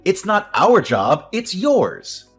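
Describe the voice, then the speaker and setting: An actor playing an entitled young husband who defers to his mother, dismissive and prone to excited outbursts. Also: mid-range voice, normal speed, faint music behind, lightly acted. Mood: scornful. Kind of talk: audio drama acting.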